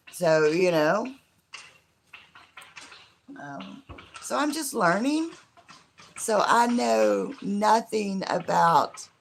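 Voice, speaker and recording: Hoarse middle-aged streamer with a scratchy, gravelly voice; loose, rambling chat full of fillers, over faint background noise. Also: mid-range voice. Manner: rambling, chatty, many fillers like "you know". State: hoarse from laughing. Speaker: live stream host. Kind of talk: casual live stream chat with viewers.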